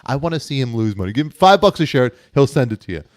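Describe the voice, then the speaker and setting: A man hosting a live talk show, teasing a guest loudly and playfully. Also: mid-range voice, quick pace, dry recording, studio quality. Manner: teasing, loud and animated.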